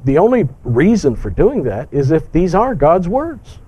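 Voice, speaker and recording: A man's voice: on the high side, very animated, unhurried, dark tone, husky, lo-fi sound. A man preaching a sermon emphatically, with rhetorical questions and firm repetition.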